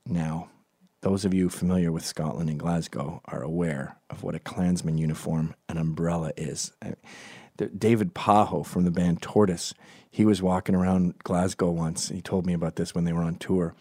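A man with an American accent telling comic stories in a rambling, digressive way with deadpan asides. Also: sits low, normal speed, dry recording, clean studio sound. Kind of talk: comedic storytelling monologue.

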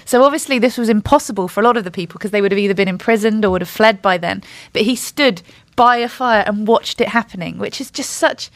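Fast-talking woman co-host, musing. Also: mid-range voice, no room sound. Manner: musing, conversational. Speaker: podcast co-host. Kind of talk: casual book-podcast talk.

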